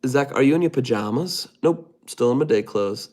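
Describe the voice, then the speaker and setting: A young man hosting a casual livestream, reading viewer comments aloud and answering them with quick, joking asides. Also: medium pitch, lively intonation, a little mellow. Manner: playful, jokey, talks fast with quick asides. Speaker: livestream host.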